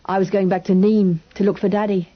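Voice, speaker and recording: A woman reading an audiobook, voicing a frightened, hungry young English boy who talks quickly and anxiously. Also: mid-range voice, level tone, muffled recording, close to an everyday voice. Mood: recounting. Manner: quick, anxious, breathless questioning.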